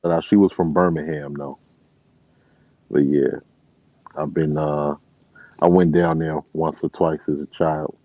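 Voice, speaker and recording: A man's voice: rumbling low, measured pace, pauses often, no room sound. A man from Chicago with a Chicago accent, chatting casually as a regular caller and telling road stories with plenty of fillers. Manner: relaxed storyteller, many fillers. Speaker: truck driver and regular caller. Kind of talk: casual chat. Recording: muffled, dry phone-like sound.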